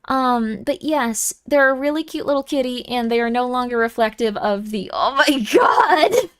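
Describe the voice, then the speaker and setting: High-voiced chatty young woman streamer. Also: fairly even intonation, moderate pace, clean tone. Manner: chatty, giggly, easily moved, many fillers. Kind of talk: casual stream chat.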